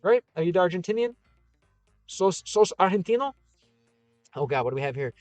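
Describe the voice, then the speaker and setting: This man speaks in a high, sing-song voice that's a little fast and slightly mellow, with no echo and soft music in the background. Hailing from the American Midwest, he has a Chicago accent and hosts a casual livestream, reading comments in a rambling, upbeat, encouraging way packed with fillers.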